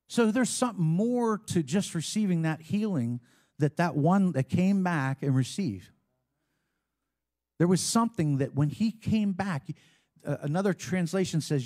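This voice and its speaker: A man's voice: on the high side, darkish tone. A man preaching a sermon as a pastor, talking in a conversational way with frequent asides and call-and-response with the congregation.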